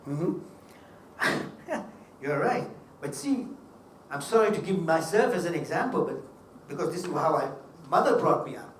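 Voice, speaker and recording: A man's voice: fairly high pitch, animated, unhurried, long pauses, a little hiss or hum. A man giving a seminar talk, telling humorous stories with emphatic delivery. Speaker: seminar speaker. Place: hotel seminar hall. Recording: echoey hall, mic at a distance.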